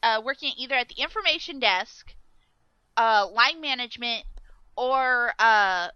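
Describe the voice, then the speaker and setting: A woman's voice: on the high side, expressive, measured pace, sharp tone, clear, resonant tone, no room sound, lo-fi sound. A woman hosting a podcast in casual chat, steering the talk and giggling. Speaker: podcast host.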